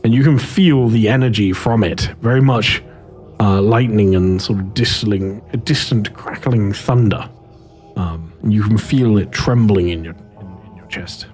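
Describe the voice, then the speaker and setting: A man's voice: fairly low pitch, normal speed, a little mellow, faint music behind. A man running a tabletop role-playing game as game master, narrating in a hesitant way with many fillers and restarts.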